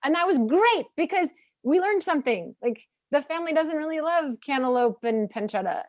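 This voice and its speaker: A woman in her forties moderating a panel over a video call, chatty and quick to laugh while telling family stories. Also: high voice, expressive, no room sound, clean studio sound. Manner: chatty, laughs easily, plays out family dialogue. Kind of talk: casual panel talk.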